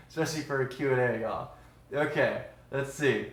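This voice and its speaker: A man's voice: medium pitch, normal speed, vocal fry, a bit bright. Upbeat man, casual live chat, kitchen echo. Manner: upbeat, chatty, says "y'all" a lot. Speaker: livestream host. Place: home kitchen. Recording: roomy echo.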